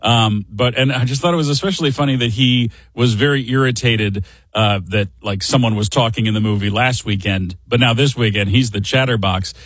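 A man's voice: medium pitch, a little fast, fairly bright tone, no room sound. A middle-aged man hosting a show, telling a casual story in a chatty, wry, self-deprecating way. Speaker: radio show host.

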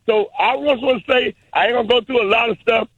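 An older man calls in over a dull, muffled phone line. His voice sits very high and bright for a man, husky at the edges, and dry. He talks like an elder laying down the law, preachy and insistent. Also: fast talker, no echo. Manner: preachy, insistent, speaks in proclamations. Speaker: caller, community elder. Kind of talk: phone-in tribute.

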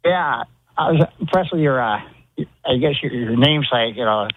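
An easygoing male caller speaks in an unhurried, relaxed way. He comes through a tinny phone line. The sound is dry and has little room. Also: medium pitch, no echo. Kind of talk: call-in phone chat.

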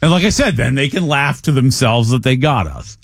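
A man co-hosting a sports talk show, his voice lively and jumping around as he talks, full of "like" fillers. The sound is dry and close on a studio mic. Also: medium pitch, moderate pace, creaky, breathy edge, dry recording. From from an Italian family. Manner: animated, rambling with many "like" fillers. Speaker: radio show co-host. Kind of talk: casual sports radio talk.

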